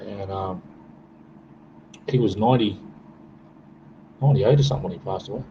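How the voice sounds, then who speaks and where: A man's voice: fairly low pitch, normal speed. An older Australian man chatting as a guest, full of joking, blokey banter. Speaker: guest on a livestream. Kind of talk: casual chat. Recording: dull lo-fi with faint noise.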